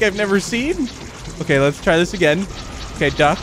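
Excitable high-voiced young man gaming. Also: noisy background. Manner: excitable, jumpy, laughs often, quick exclamations. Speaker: gaming commentator. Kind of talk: horror game let's play commentary.

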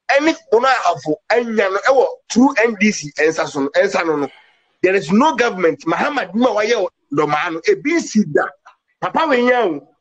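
A man's voice: high-pitched, poor audio. A man giving an impassioned political commentary, emphatic, with English words mixed into his talk.

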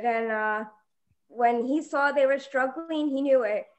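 A woman in her forties giving a heartfelt, halting tribute on a video call. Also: sits high. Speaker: hockey mom sharing a memory.

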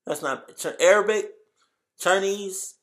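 A man in a casual vlog, reacting with loud exclamations and slangy chatter while trying out a translation app. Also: sits high, slow. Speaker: YouTuber.

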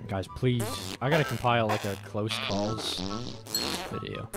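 A young man playing a video game and commenting on it, shifting from mumbled remarks to sudden loud yelps and curses. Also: medium pitch, expressive, normal speed. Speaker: gaming YouTuber. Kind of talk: let's play commentary. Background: game music.

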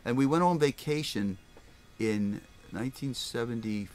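Older man, record store owner, casual rambling storytelling, acts out quoted voices, mid-range pitch. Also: normal speed, darkish tone, a little hiss or hum. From Philadelphia area, US.

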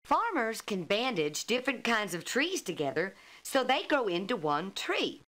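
A woman's voice: mid-range voice, sing-song, normal speed, fairly bright tone. A woman voicing a chirpy pig character in a children's computer game who presents farm facts in a bubbly, sing-song manner. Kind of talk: 1990s children's game voice acting.

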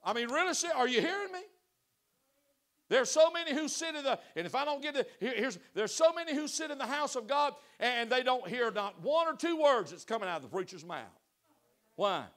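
A man preaching a sermon to his congregation, swinging between loud exhortation and soft pleading and asking them direct questions. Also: very high voice, sing-song, a little fast. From United States. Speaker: pastor. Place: church sanctuary.

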